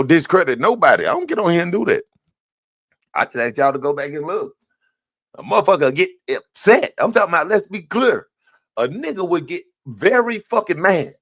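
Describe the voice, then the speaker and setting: Stream host: fired-up man, swings between loud outbursts and mutters, dry close mic. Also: a little high, no room sound. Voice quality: profane, heated ranting. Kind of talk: casual ranting commentary.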